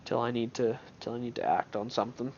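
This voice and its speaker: A man's voice: mid-range voice, fast talker, darkish tone, muffled recording, slight background noise. A man giving casual gameplay commentary on his own match, thinking aloud in an offhand way with many restarts.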